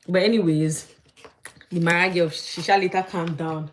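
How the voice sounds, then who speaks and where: Chatty woman, low voice. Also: normal speed. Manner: chatty, animated gossiping. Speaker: vlogger. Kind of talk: casual chat while doing makeup.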